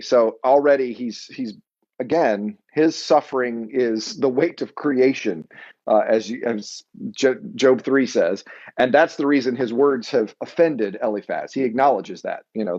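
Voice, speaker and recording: A man's voice: mid-range voice, darkish tone. Man teaching a Bible class, lo-fi. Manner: conversational, pausing to explain terms. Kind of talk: weekly Bible study lesson.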